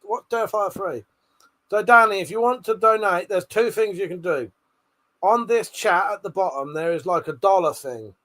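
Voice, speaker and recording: A high-pitched man hosts a casual live stream, his voice bright and forceful. He answers chat in a brash, profane, teasing way and laughs often. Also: normal speed.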